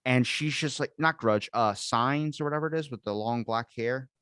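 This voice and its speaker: A man's voice: mid-range voice, moderate pace, a bit bright, smooth, dry recording, studio quality. Profane rambling man telling a story. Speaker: podcast host. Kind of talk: casual chat. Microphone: video call.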